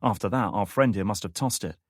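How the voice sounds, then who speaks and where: A man's voice: on the low side, brisk, slightly rough, no echo, clean studio sound. A man playing an eager tech-savvy man. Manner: eager, explanatory.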